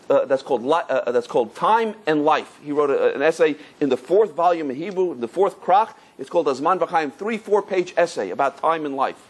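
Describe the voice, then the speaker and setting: A middle-aged rabbi lecturing on Torah, telling stories with lively emphasis and repeated phrases. His voice sits high for a man and has a husky grain. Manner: animated, repetitive storytelling.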